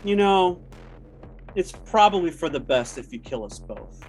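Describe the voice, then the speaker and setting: A man voicing a possessed woman, eerily calm. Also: high voice, a little slow, faint music behind. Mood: eerie calm. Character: woman possessed by a dark entity, cold and eerie.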